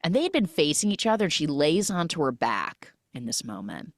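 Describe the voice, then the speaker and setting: Chatty podcast recapper, woman, low but very animated, lots of fillers. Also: fairly quick, no room sound, studio quality. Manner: chatty, filler-heavy storytelling that acts out the lines. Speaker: podcast host recapping a film. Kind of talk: casual film recap.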